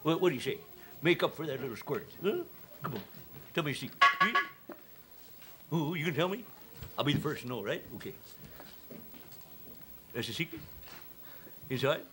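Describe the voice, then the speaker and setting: Brief: an actor as an eager small-town storekeeper, wheedling, bouncy pitch, a bit high. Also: male voice, lively intonation, moderate pace, long pauses, background noise, lightly acted. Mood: coaxing. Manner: wheedling, coaxing, folksy exclamations. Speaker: children's TV character. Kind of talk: 1950s children's TV acting.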